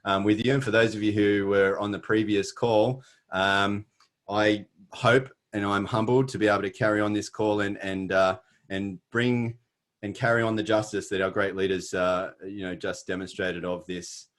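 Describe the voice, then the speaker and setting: A man's voice: on the low side, flat delivery, moderate pace. A middle-aged Australian man with an Australian accent, giving an earnest motivational webinar talk with many fillers and restarts. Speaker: webinar presenter. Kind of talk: motivational presentation.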